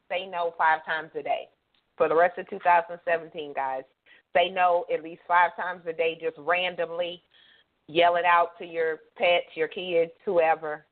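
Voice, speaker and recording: A woman from Louisiana with a Louisiana accent, hosting a casual call-in radio talk show in a chatty, affirming way. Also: fairly low pitch. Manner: affirming, chatty, lots of mm-hmms. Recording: tinny phone line.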